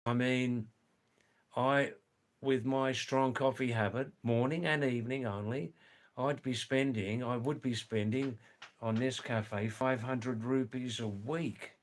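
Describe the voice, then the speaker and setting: An Australian man chats on a live stream and reads out his viewers' messages. His voice sits at an ordinary middle pitch. He explains things in a loose, rambling way. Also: fairly even intonation. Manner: chatty, reads viewer comments aloud, drawn-out explanations. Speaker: livestream host reading chat. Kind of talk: casual live-stream chat.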